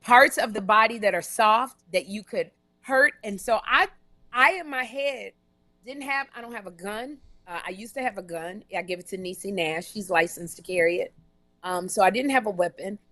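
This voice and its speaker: A woman talk show host and comedian telling a story on a casual live stream from a hotel room. She talks in an animated, emphatic way and repeats words for emphasis. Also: mid-range voice, moderate pace, dry recording.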